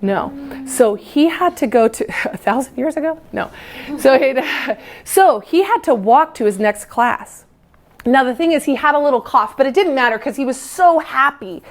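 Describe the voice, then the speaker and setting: A music teacher addressing fellow teachers in a brisk, playful workshop style. Her voice sits on the higher side, and she slips into children's reactions as she tells a story. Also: animated.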